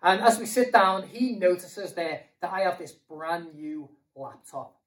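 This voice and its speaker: A man's voice: sits high, animated, measured pace, distant mic, rough recording. A British man preaching a sermon in a conversational way, asking rhetorical questions and repeating himself.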